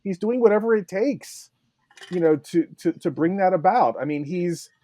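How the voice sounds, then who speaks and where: A man's voice: high-pitched, lively intonation, moderate pace, mellow, dry recording. A male historian talking in a casual podcast discussion, thoughtful and hesitant with frequent fillers. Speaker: historian guest.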